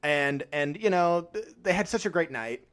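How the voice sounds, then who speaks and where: A man co-hosting a podcast, chatting casually about a film, animated and given to crude jokes. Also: a little high, normal speed, clear, resonant tone. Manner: animated, acts out characters' lines, crude humor. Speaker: podcast co-host. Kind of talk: casual film-review chat.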